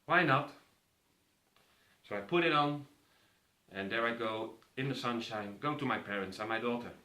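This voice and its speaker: Bright-voiced man telling a story. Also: medium pitch, a little fast. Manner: vivid storytelling, acting out voices. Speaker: speaker. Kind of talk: personal story told to an audience. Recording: roomy echo.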